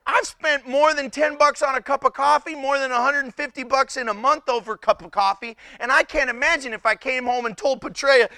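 A man's voice: very high voice, brisk, few pauses, clear, resonant tone, no echo, studio quality. A man preaching a humorous sermon, telling stories with frequent laughter and incredulous exclamations. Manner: animated storytelling with frequent laughter. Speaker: pastor.

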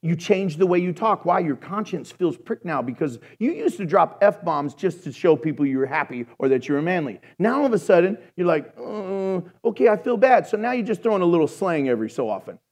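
A man with a high-pitched voice delivers a sermon as pastor. He preaches in an animated way, mixing earnest points with folksy jokes. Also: a little fast, hardly any pauses.

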